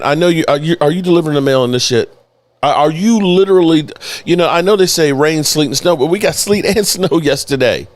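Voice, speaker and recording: A man hosting a live sports talk stream, loose and joking, swearing freely as he greets viewers by name. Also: a little high. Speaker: host of a sports news channel.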